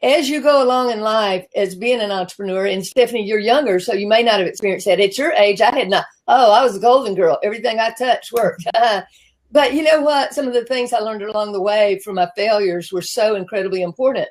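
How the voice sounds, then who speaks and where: A woman in her sixties with a Southern American accent hosts a live-streamed talk show, chatty and self-deprecating, often restarting her sentences. Her voice is medium-pitched and fairly quick, and the recording is rough.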